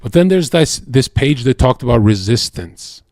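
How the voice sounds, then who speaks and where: A man's voice: mid-range voice, sing-song, normal speed, darkish tone, dry recording, clean studio sound. A man streaming live, talking in a casual, profane, rambling way and often saying "bro" and "like". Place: home streaming setup.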